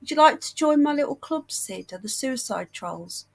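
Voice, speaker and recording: A woman's voice: high voice, animated, moderate pace, creaky. A British woman hosting a casual livestream chat, unwell and short of breath, chatty and affectionate with viewers. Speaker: livestream host.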